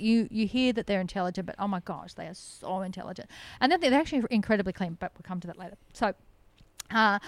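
A woman's voice: medium pitch, no echo. A middle-aged woman, founder of an animal sanctuary, telling stories in a podcast interview in an earnest, enthusiastic way and laughing often. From Australia.

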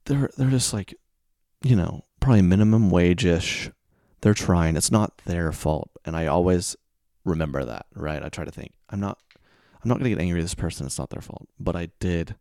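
A man's voice: low voice, darkish tone, no echo, studio quality. A man telling stories in a casual monologue, acting out both sides of conversations with sudden exasperated bursts. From American Heartland. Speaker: podcast host.

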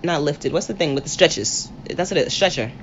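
A woman co-hosting a casual sports chat, animated and trash-talking, often laughing at her own jokes. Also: low voice, brisk. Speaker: podcast co-host. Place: late-night home podcast recording. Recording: dull lo-fi recording with faint background noise.

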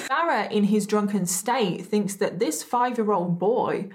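A woman's voice: medium pitch, expressive, takes it slowly. A woman hosting a true crime show, telling the case in a casual, chatty way, often breaking off into giggles and asides.

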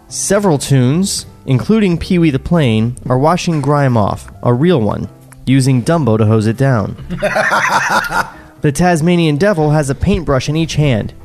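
A man's voice: a little high, animated, measured pace, soft background music. A man co-hosting a podcast, reading a script's stage directions in a laid-back way, chuckling now and then. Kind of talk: table read narration and banter.

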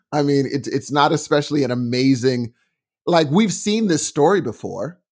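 A man's voice: fairly high pitch, measured pace. A man co-hosting a podcast in casual chat, enthusiastic and acting out little quotes as he talks. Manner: animated, enthusiastic, acts out quotes. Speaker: podcast co-host.

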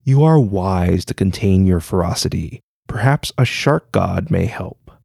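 A man's voice: deep voice, lively intonation, unhurried, creaky, darkish tone, husky, dry recording, clean studio sound, full character voice. A man voicing a playful old male sage who giggles and teases. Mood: knowing. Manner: playful, knowing.

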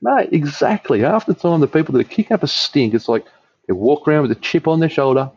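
A man's voice: a little high, expressive, brisk, darkish tone, slightly rough, no echo, muffled recording. A man with an Australian accent, a podcast guest chatting casually over beers, rambling, swearing freely and laughing a lot.

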